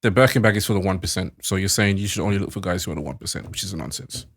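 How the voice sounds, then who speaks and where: A man co-hosting a podcast, arguing his point in a low voice that comes out fast. He teases the others and stammers over repeated words when he pushes on. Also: background noise. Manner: teasing, argumentative, stammers when pushing a point. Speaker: podcast co-host. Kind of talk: casual chat.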